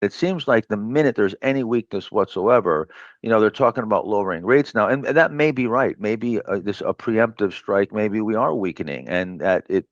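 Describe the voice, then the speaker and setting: A man being interviewed as a trader, thinking aloud in a measured way with fillers and restarts. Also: fairly low pitch, lively intonation, no echo. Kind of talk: reflective interview talk. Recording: dull lo-fi clip played back.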